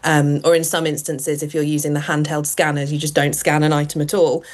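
A woman, a journalist, explaining her reporting in a measured radio discussion with frequent ums. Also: deep voice, little pitch movement. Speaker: journalist guest.

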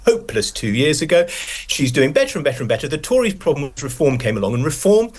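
A man's voice: fairly high pitch, big pitch swings, quick pace. A man talking as a guest commentator on a radio show, opinionated and rambling with frequent restarts. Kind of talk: casual political chat.

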